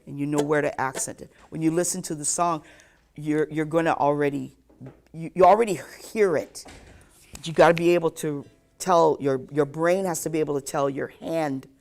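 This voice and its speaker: A ukulele teacher giving a live online lesson, counting beats aloud and checking in with "okay?" after nearly every point. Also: medium pitch.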